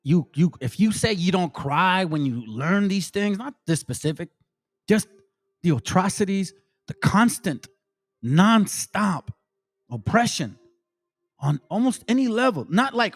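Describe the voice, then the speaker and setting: A man's voice: high voice, animated, measured pace. A grown man streaming live, talking emotionally and preachily to his viewers, full of slang like "man" and "bro". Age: adult. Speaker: streamer and religious commentator. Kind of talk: impassioned livestream commentary.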